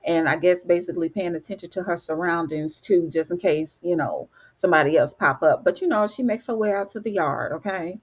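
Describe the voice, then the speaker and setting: A chatty woman with a fairly low voice recaps a story for her viewers in a loose, casual way. She keeps calling her listeners honey and y'all. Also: fairly quick, few pauses, slightly rough. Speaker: recap host.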